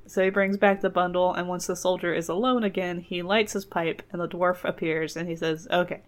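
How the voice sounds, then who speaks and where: A woman's voice: fairly low pitch, fairly even intonation, a little fast. A woman hosting a comedy podcast who retells a fairy tale in a casual, playful, digressive way. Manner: playful, digressive, laughs often.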